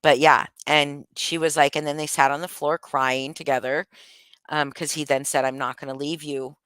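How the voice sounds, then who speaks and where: A woman's voice: low-pitched, little pitch movement, moderate pace, fairly bright tone, clean tone, dry recording. A woman vlogging in a casual, rambling monologue, speaking candidly with frequent swearing and many restarts.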